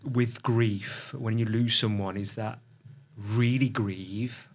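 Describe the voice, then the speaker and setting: Middle-aged male guest, low-pitched, halting storyteller. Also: steady tone. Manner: reflective, halting, with restarts and pauses. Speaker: podcast guest. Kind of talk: emotional personal storytelling.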